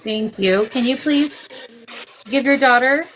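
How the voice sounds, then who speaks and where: A woman's voice: sits high, slow, fairly bright tone, slight background noise, rough recording. A woman hosting a live-stream psychic session as a medium, calling spirits with endearments and speaking into a phone. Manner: coaxing, affectionate, talks to spirits with endearments.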